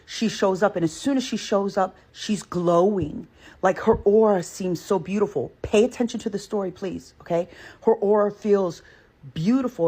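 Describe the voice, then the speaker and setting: A woman with a breathy, husky voice tells a spooky personal story straight to her viewers. She is emphatic and expressive and circles back to her points. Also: on the low side. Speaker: host of a reaction channel. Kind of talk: animated storytime talk to viewers.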